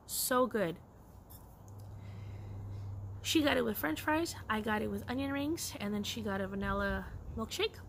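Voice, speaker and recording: A woman casually chatting about her yarn and knitting haul, excitable and quick to laugh. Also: fairly high pitch, vocal fry, slight background noise. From Los Angeles area. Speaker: craft vlogger.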